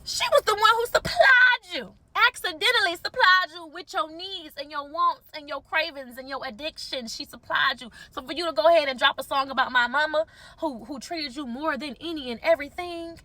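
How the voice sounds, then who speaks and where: A woman's voice: high-pitched, brisk, bright, forceful tone, dry recording. A woman heatedly calling someone out to camera, sassy and cursing, mocking him as she goes. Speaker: social media creator in a feud.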